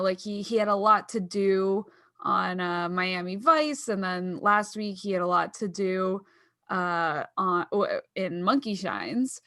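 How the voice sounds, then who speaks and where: A woman's voice: mid-range voice, fairly bright tone, no echo, clean studio sound. A woman co-hosting a podcast in casual chat, laughing often and hesitating with fillers. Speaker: podcast co-host.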